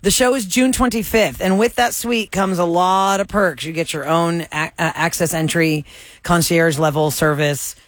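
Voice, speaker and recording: A man's voice: a little high, steady tone, normal speed, a bit bright, no echo. A man hosting a morning radio show, chatting and reading out promos in an upbeat way. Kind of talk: morning radio talk and announcements. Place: radio studio.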